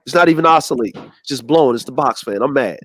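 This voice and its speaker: A man's voice: mid-range voice, fast talker, no room sound. A man telling a funny story in casual chat, acting out voices as he goes. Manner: animated, acts out voices in his stories. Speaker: co-host.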